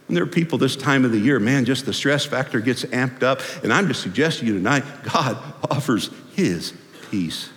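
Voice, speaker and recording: Animated pastor preaching. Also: male voice, medium pitch, moderate pace. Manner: animated and folksy, swinging from loud to hushed. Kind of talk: sermon. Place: church sanctuary. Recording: long hall reverb.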